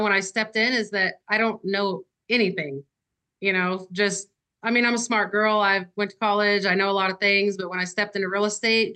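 A woman's voice: mid-range voice, sharp tone. A woman who works as a real estate agent, speaking casually and candidly in a podcast conversation, often stopping to say "you know".

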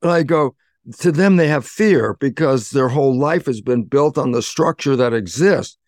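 A man, a guest in an interview, explaining in an animated way and acting out bits of dialogue. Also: mid-range voice, moderate pace, no echo, clean studio sound. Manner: animated, acts out dialogue in quotes. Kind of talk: conversational explaining.

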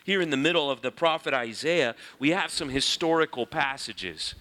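A man teaching through a Bible passage in a lively, conversational way, reading scripture aloud and explaining it. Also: mid-range voice, moderate pace.

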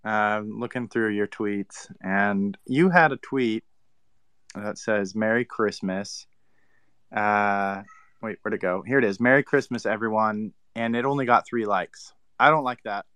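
A man's voice: on the low side, unhurried, fairly bright tone, clean tone, no room sound. A man co-hosting a casual online talk, teasing and sarcastic with guests. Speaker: co-host. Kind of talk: casual chat.

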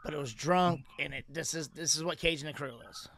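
A man's voice: on the high side, fast talker, fairly bright tone, a little hiss or hum. A man hosting a podcast, joking loosely and laughing in casual chat. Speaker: podcast host.

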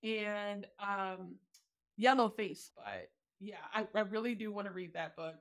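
A woman guest on a casual podcast, speaking from her home office, animated and laughing often. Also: mid-range voice, a little slow. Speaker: podcast guest, book reviewer.

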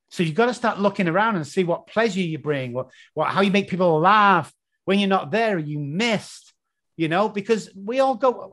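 An English-accented motivational speaker gives an emphatic talk, repeating key phrases and swearing freely. His high voice is expressive, a bit bright, and fairly quick.

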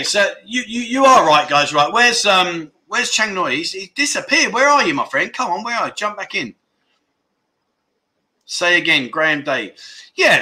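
A livestream host with a high, pushed, bright voice reads viewer comments aloud in a jokey, scattered way. He laughs at his own slip-ups as he goes.

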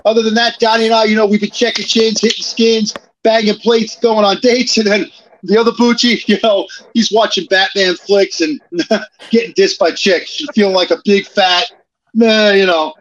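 A cocky man with a high voice boasts in rhymes on a podcast panel. His mic sounds slightly dull and lo-fi. Faint noise sits underneath. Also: flat delivery, normal speed, a bit bright. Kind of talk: casual sports banter.

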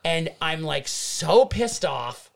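A man telling a long story on a podcast, animated and full of swearing. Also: a little high, slow, gravelly. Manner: animated, profane anecdote-telling. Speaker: podcast co-host. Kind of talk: casual storytelling.

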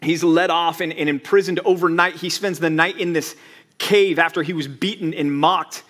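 Brief: male pastor, lightly raised pitch, casual preaching style with rhetorical questions. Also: fairly even intonation, moderate pace, a bit bright. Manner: conversational preaching with rhetorical questions and acted-out quotes. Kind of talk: sermon.

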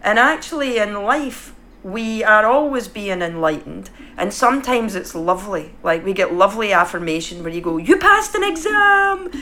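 Woman guest, mid pitch, reflective and frank, casual swearing. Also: animated, moderate pace, few pauses, fairly bright tone.

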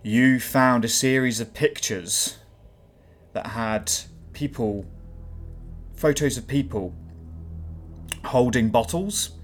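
A man's voice: medium pitch, slow pace, long pauses, soft background music. Man narrating as game master. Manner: descriptive, hesitant with fillers.

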